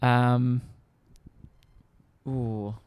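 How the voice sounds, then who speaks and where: An Australian comedian co-hosting a podcast chats casually, rambling laid-back through stories. His medium-pitched voice is very slow, with little pitch movement and a darkish, clear, resonant tone.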